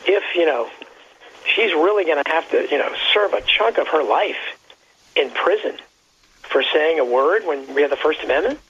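A man calling in by phone, talking in a halting, rambling way and reading aloud as he searches. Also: a little high, animated, fairly bright tone, breathy edge. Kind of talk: casual phone conversation. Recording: muffled phone line with faint noise.

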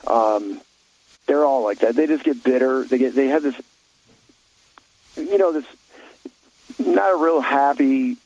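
A man's voice: medium pitch, a little slow, long pauses, darkish tone, dull audio. A man talking bluntly in an opinionated talk show chat, rambling with many restarts and fillers.

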